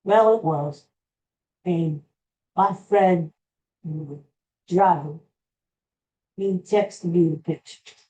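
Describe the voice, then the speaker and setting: Man, unhurried and halting, recounts a memory with many restarts; soft, dark tone. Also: sits high, low-quality recording. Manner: rambling, halting retelling with restarts. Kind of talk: personal storytelling.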